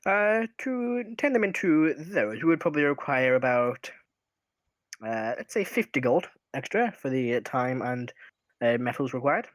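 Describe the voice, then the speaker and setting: A man doing a courteous little halfling jeweler with a wobbly attempt at a German accent, set in a tabletop game. His pitch rises higher than usual and swings around a lot. He sounds eager to serve, and the sound is close and dry. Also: big pitch swings, unhurried, no room sound. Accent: a shaky attempt at German. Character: polite male halfling jeweler, a shopkeeper.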